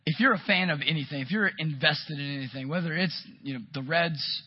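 A man preaching a sermon, telling a story with lively, animated delivery and acting out quotes. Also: fairly high pitch, a little fast, husky, dry recording, muffled recording. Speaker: pastor.

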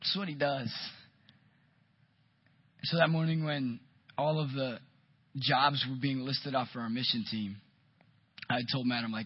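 A man preaching a sermon, telling a story with lively, animated delivery and acting out quotes. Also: medium pitch, normal speed, pauses often, breathy edge, no room sound, lo-fi sound. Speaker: pastor.

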